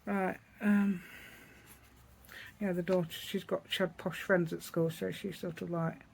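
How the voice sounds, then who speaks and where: A woman's voice: on the low side, level tone, unhurried, gravelly, a little hiss or hum, rough recording. A middle-aged woman with an East Midlands English accent, chatting casually through a craft tutorial at her table, rambling and asking tag questions.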